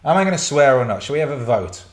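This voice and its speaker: A man's voice: medium pitch, sing-song, fast talker. A man hosting a casual live stream, reading chat questions and rambling, swearing and laughing often. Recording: roomy echo.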